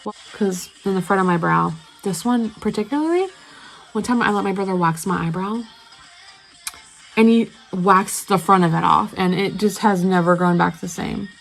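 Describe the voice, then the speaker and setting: Chatty young woman with a gravelly voice. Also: mid-range voice, moderate pace, faint music behind, rough recording. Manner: rambling, chatty, lots of fillers. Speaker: beauty vlogger. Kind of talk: casual storytime while doing makeup.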